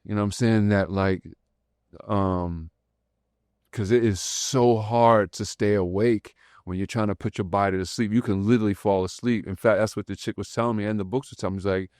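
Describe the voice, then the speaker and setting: A man hosting a podcast, telling a personal story in a loose, slangy, animated way and acting out the voices in it. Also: on the low side, a little fast, clean tone, dry recording, studio quality. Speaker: podcast host. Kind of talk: casual conversation.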